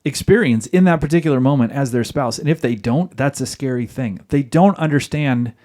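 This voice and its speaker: On his marriage advice podcast, a man with a mid-range, slightly mellow voice speaks a little quickly. He makes his points emphatically and with jokes, frequently playing out both roles in a dialogue.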